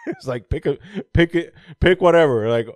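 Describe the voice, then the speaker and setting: A man's voice: a little high, measured pace, no echo. A man chatting casually about movies, rambling, laughing often and swearing freely. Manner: animated when mocking movie scenes.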